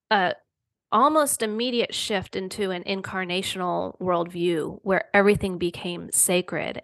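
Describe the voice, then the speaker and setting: A middle-aged woman talking as a podcast guest in an earnest, rambling way, circling back through fillers and restarts. Her pitch sits in an ordinary middle range, and the recording is dry and close, with no room sound. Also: a bit bright, dry recording. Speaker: guest author. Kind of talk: reflective podcast conversation.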